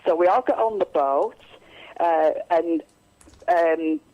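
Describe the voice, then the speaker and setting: A woman's voice: on the low side, lively intonation, slow pace, lo-fi sound. A woman, a psychic medium, telling stories in a radio interview, rambling with many restarts and fillers.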